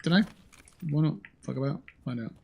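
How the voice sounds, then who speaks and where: A man with a fairly high, brisk, gravelly and slightly rough voice streams a shooter game, heard in lo-fi sound. He chats casually into a headset mic, joking and cursing at opponents as he plays.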